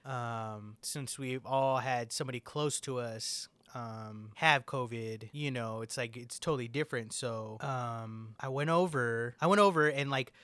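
A man's voice: medium pitch, measured pace, few pauses, fairly bright tone, clear, resonant tone, no room sound. A man in casual chat with a friend, rambling, swearing often and filling his talk with "like". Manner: rambling, swears a lot, fills with "like".

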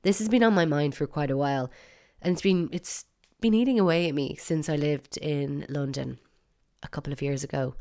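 A woman with an Irish accent talks her listeners through her podcast with a deep, low-pitched voice. She is chatty and opinionated and leans playfully on words she wants to stress. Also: moderate pace, a little mellow. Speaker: podcast host. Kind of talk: solo podcast monologue.

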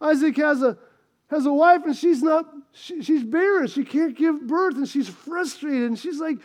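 Brief: high-voiced male preacher, impassioned storytelling sermon. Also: normal speed. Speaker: pastor.

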